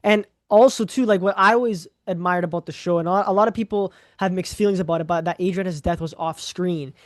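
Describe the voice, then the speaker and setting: A man's voice: high-pitched, fast talker, no echo, studio quality. A man hosting an interview, asking long, rambling questions full of fillers and restarts. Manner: rambling, filler-heavy, repeats words. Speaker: host.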